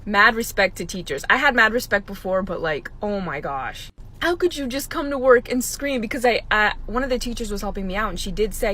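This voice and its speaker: A young woman, a substitute teacher, telling a story about her day in an animated way, acting out what people said. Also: mid-range voice, brisk. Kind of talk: casual storytime.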